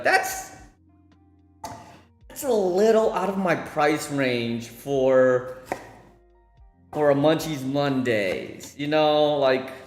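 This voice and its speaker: A man's voice: mid-range voice, roomy sound. A man streaming while he cooks, chatting casually with his viewers, rambling and repeating himself. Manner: rambling, repeats words, talks to chat between cooking. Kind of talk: casual chat with chat while cooking.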